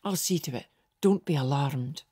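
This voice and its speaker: A woman narrator voicing a blunt male lord in armour who speaks flatly and dismissively. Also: deep voice, moderate pace, breathy edge, no room sound, studio quality, pitched below the performer's own voice.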